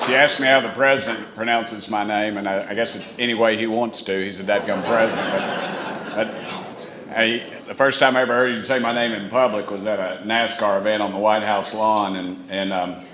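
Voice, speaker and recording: A man's voice: on the low side, steady tone, fairly quick, over a noisy crowd. A man with an East Tennessee accent giving a folksy, rambling, self-mocking dinner speech as a congressman. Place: banquet hall. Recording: echoey hall, faint room noise.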